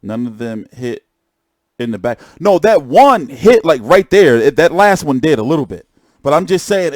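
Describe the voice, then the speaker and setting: A young man talking casually on a live stream, swearing and repeating phrases as he gets worked up. His voice sits high and leaps around a lot. The sound is close and dry, with no room echo. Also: normal speed. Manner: excitable, profane, repeats phrases. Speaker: boxing commentator streamer.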